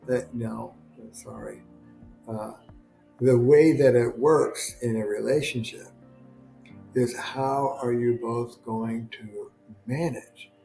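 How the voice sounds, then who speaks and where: A man's voice: medium pitch, fairly even intonation, slow, gravelly, warm tone, faint music behind, low-quality recording. An older man talking straight to the camera as a couples therapist, chatty and wry, sometimes playing both sides of a quarrel. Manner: conversational, acts out both sides of a couple's argument. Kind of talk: direct-to-camera talk.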